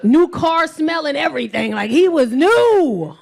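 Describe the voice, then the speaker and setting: A woman's voice: sits high, big pitch swings, a little slow, vocal fry, darkish tone. A middle-aged woman performing a stand-up comedy set on a club stage into a handheld mic, telling brash, profane stories and laughing often. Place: comedy club stage before a live audience.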